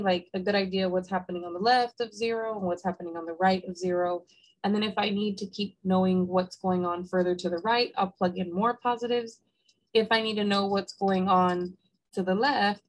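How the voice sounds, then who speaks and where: A woman's voice: medium pitch, poor audio. Woman math teacher w the hiccups, explains step by step, keeps asking okay?. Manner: patient step-by-step explaining, frequent "okay?" checks. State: has the hiccups. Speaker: math instructor. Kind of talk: recorded lecture.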